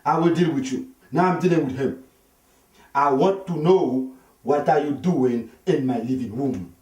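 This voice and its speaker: A man voicing a scolding wife who talks in a shrill, urgent, bossy way. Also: unhurried, darkish tone, echoey room, recorded from a distance, natural voice. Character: African wife caught out, scolding and pleading.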